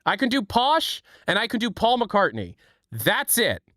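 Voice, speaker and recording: A man's voice: sits high, huge pitch swings, measured pace, sharp tone, dry recording, studio quality. A young man from Ohio, chatting on a livestream in a rambling, self-deprecating way. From Ohio, USA. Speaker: streamer. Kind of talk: casual livestream chat.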